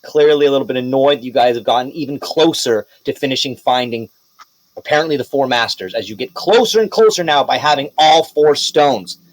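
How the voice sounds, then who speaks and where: A man's voice: medium pitch, lively intonation, fairly quick, no echo, rough recording. Chatty male game master. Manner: chatty, laughing, loose with fillers. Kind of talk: narrating a tabletop game.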